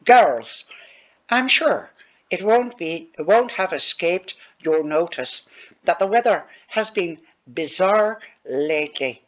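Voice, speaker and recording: Brisk Irish schoolteacher, prim and high-pitched, put on by a woman reader. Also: lively intonation, highs cut off. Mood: formal.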